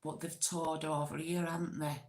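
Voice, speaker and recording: A woman's voice: low-pitched, level tone, moderate pace, darkish tone. A woman hosting a casual, rambling live chat with viewers, giggly and self-deprecating. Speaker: livestream host.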